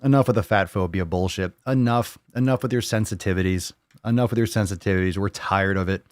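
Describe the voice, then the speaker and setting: A man's voice: sits low, brisk, no echo, studio quality. A man hosting a live fitness Q&A stream from home, ranting in a blunt, fired-up, profane way. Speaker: fitness show host. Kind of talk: live Q&A stream, casual rant. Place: home on a video call.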